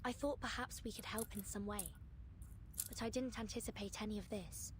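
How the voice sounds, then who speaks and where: A woman's voice: medium pitch, steady tone, normal speed, a little hiss or hum, lightly acted. A woman voicing an earnest, apologetic female visitor in a video game.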